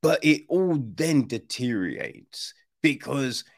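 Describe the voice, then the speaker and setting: A man hosting a film podcast, reviewing a movie in loose, slangy casual chat, acting out quoted lines and leaning on fillers. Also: mid-range voice. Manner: animated, slangy, acts out quoted lines in other voices; drawn-out, loose delivery with many fillers.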